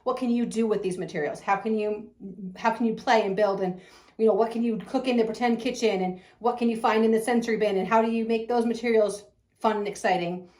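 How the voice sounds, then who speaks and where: A woman's voice: on the high side, fairly even intonation, a little fast, darkish tone, echoey room. A woman who runs a preschool, talking about it with gushing enthusiasm and frequent laughter. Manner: effusive, gushing, laughs often. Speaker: preschool teacher and owner. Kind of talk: enthusiastic promotional talk.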